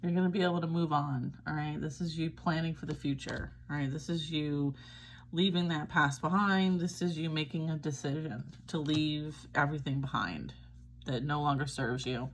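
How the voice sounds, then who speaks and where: A woman's voice: sits low, moderate pace, a little hiss or hum. A woman giving a casual tarot reading, chatty and reassuring, often checking in with "all right?". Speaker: tarot reader.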